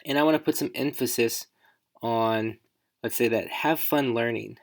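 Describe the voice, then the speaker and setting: A woman educator giving a casual, chatty screen-recorded software walkthrough, thinking aloud as she works. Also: very deep voice, normal speed.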